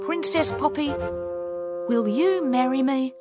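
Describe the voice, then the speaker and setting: A woman's voice: high voice, slow, voice pushed up. A woman voicing a cheerful, gallant young prince in a storybook reading, over background music. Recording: music playing behind.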